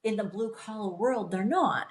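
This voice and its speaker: A woman's voice: medium pitch, normal speed. A woman hosting a podcast in candid casual chat, emphatic and blunt, swearing freely. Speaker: podcast host.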